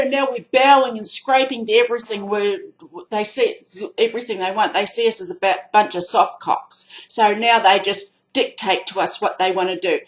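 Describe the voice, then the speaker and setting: A woman with an Australian accent ranting angrily into her camera, blunt, swearing and rising to loud outbursts. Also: medium pitch, low-quality recording. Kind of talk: angry vlog rant.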